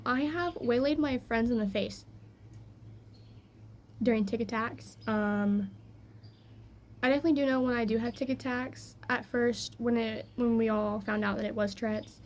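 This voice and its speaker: A woman's voice: on the high side, a little hiss or hum. Chatty young woman vlogging outdoors. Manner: rambling, easily distracted, frequent fillers. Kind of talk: casual personal vlog chat. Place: outdoors by a backyard garden.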